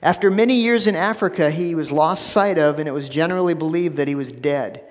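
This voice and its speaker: A man preaching a sermon as pastor, emphatic, repeating phrases and dropping to a hushed low voice for stress. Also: a little fast, in a large hall. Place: church sanctuary.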